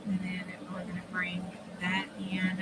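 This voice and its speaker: A woman's voice: on the low side, monotone, moderate pace. A woman hosts a casual craft stream, chatting and thinking aloud as she works, sometimes dropping to near-whispers. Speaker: crafting channel host. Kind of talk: casual craft livestream talk. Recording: noisy background.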